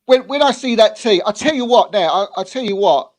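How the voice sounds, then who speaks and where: High-voiced rambling male guest. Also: lively intonation, a little fast. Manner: gushing, rambling, full of restarts. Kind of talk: casual live show chat.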